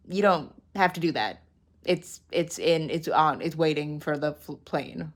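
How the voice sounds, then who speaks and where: Young woman, casual vlog storytelling, exasperated and chatty, lowish pitch. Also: moderate pace. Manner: animated, exasperated, lots of "like". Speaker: artist vlogger.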